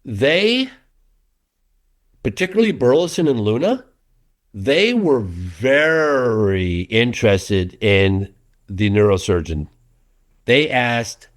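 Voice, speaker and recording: Middle-aged guy rambling through stories in a podcast interview, acts out what people said, normal pitch. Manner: animated storyteller, many restarts, acts out quotes. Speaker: documentary filmmaker. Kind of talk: casual interview talk.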